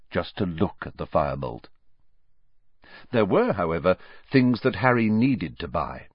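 Man narrating a storybook, lowish voice that rises and falls a lot, dry muffled sound. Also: no echo. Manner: measured, expressive reading. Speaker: audiobook narrator.

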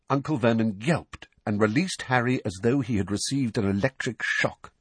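A man narrating an audiobook in an expressive, dramatic storytelling manner, close to the microphone. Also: on the low side, husky, no echo.

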